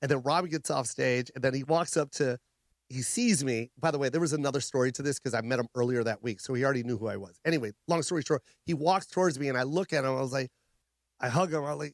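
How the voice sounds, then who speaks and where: A man, a comedian guest on a radio talk show, telling a story in an animated way with quick asides and repeated words, at a studio microphone. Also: mid-range voice, no echo.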